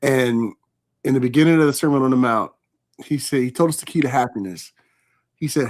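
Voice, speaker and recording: A man hosts a live online interview in an easy, chatty manner. His voice sits at an ordinary middle pitch, and he keeps breaking off to read comments from viewers aloud. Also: brisk, long pauses, darkish tone. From California. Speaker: host.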